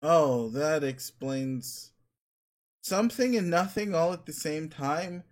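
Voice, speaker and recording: A man's voice: a little high, animated, takes it slowly. A man commenting on a video game as he plays it. He reacts in stammering, flustered bursts. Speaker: gamer playing and reading a game. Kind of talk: let's play commentary.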